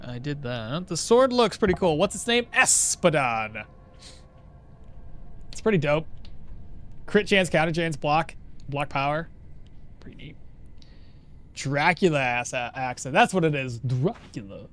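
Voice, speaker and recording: A man's voice: a little high, expressive, normal speed, pauses often, a bit bright. A man streaming a game live, chatting casually and answering his chat while he plays. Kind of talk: casual live gameplay commentary.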